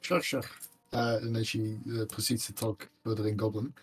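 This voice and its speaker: A man's voice: on the low side, completely flat delivery, brisk, slightly rough, faint music behind. A man playing a tabletop game, casual and hesitant with many fillers. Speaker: player.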